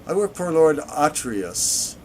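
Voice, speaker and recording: A man's voice: on the high side, big pitch swings, slow pace, a little mellow, slight background noise, pitched above the performer's own voice, low-quality recording. A man voicing a polite, slightly anxious male Imperial builder in a voice close to his own, speaking courteously.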